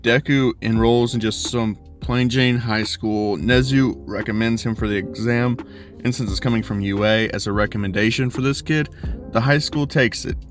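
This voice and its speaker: Low-voiced man retelling a fan story. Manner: loose, rambling retelling. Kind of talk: casual fan-story narration.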